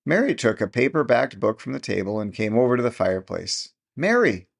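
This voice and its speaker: A male narrator reads a classic short story in a measured, unhurried storytelling manner. His voice sits low and has a gravelly, fry-touched texture. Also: expressive. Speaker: audiobook narrator. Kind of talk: scripted narration.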